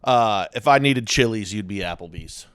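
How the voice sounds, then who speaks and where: A man's voice: on the low side, lively intonation, moderate pace, a bit bright, smooth, dry recording. A man co-hosting a casual podcast, trading dry jokes and laughing at his own lines. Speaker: podcast co-host.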